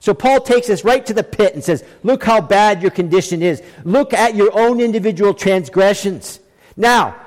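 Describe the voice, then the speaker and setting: A middle-aged male pastor preaching a sermon emphatically, repeating key phrases and swinging between hushed and raised delivery. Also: high-pitched. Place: church sanctuary. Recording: preaching in a reverberant hall.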